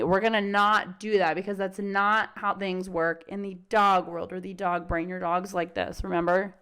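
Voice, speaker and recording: A woman's voice: medium pitch, steady tone, normal speed, few pauses, fairly bright tone, clear, resonant tone. A young adult woman dog trainer talking casually on a podcast, swearing freely and acting out the voices of dogs and owners.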